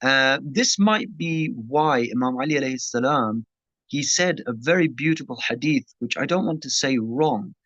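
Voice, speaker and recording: A man's voice: mid-range voice, expressive, normal speed, a bit bright, no room sound. Guy doing a laid-back q&a lesson, keeps asking "right?", muffled lo-fi mic, no room sound. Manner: conversational, checks in with "right?". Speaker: Islamic teacher answering questions. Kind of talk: casual Q&A teaching. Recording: dull lo-fi dry sound.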